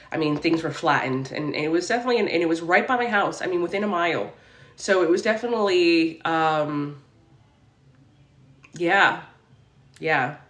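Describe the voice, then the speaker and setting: A woman's voice: deep voice, a bit bright, reverberant. A woman hosting a casual livestream from her room as a spiritual reader, reading viewer comments aloud in an upbeat, affirming way. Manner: upbeat and affirming, preachy about mindset.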